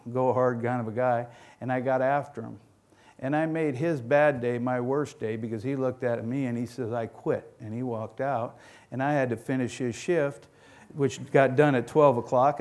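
A man's voice: mid-range voice, darkish tone. A middle-aged man who owns a dairy farm gives a conference presentation, telling stories in a folksy, rambling way, often restarting and repeating words. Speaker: dairy farm owner giving a talk.

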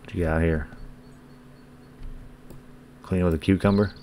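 Man, gaming channel host, let's-play commentary, deep voice, profane, joking. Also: steady tone, a little slow, warm tone, slight background noise. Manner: profane, joking, talks to game characters.

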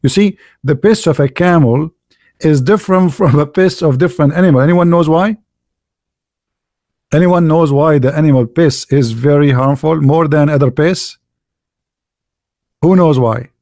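Guy ranting solo, sarcastic, throws out rhetorical questions, kinda high voice, dry close sound. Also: normal speed, long pauses, a little mellow, dry recording. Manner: repeats words for emphasis. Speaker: channel host. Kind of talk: polemical monologue.

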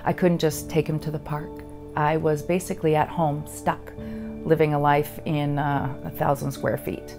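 A woman veteran giving a halting, earnest personal testimony. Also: sits low. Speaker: veteran sharing her story.

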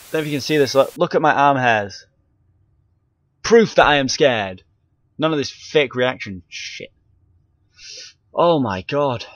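A man's voice: medium pitch, a bit bright, no room sound. Jumpy scared man playing a horror game. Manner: jumpy, scared, swearing, frequent sudden yelps. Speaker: gaming YouTuber. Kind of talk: horror game let's play commentary. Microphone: handheld camera mic.

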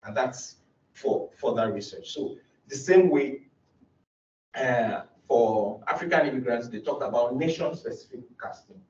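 A man's voice: medium pitch, measured pace, a little mellow. Young man presenting research in an echoey room. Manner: earnest, explanatory, frequent restarts. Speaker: doctoral student presenting research. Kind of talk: academic conference presentation. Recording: roomy, distant, dull lo-fi recording.

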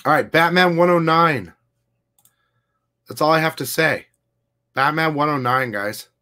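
A man hosting a casual comic book livestream, talking fast and loose, swearing freely and reading viewer comments aloud. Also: a little high. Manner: profane, excitable, reads chat aloud. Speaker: comic shop livestream host. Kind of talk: casual live-stream chat.

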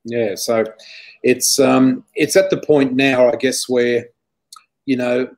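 A man, a psychic guest in an interview, telling animated, chatty stories full of exclamations. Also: medium pitch, takes it slowly, low-quality recording. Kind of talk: casual storytelling interview.

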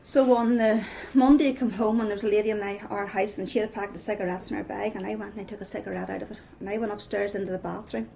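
Middle-aged Northern Irish woman, testimony storyteller, gravelly and dark-toned, faint hiss behind. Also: medium pitch, steady tone, racing, hardly any pauses, poor audio. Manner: storytelling with repeated "I says". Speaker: speaker giving a personal testimony. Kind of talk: personal testimony.

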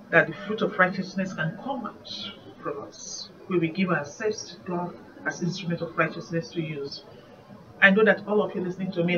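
A woman evangelist with a Nigerian accent, giving an earnest, reflective devotional sermon. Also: lowish voice. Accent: Nigerian English. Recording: muffled distant recording, faint background noise.

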